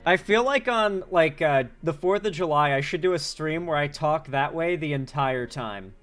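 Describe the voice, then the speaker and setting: A man's voice: fairly high pitch, expressive, moderate pace, fairly bright tone, soft background music. A man chatting casually on a live stream, rambling and joking with many fillers. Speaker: streamer, political commentator.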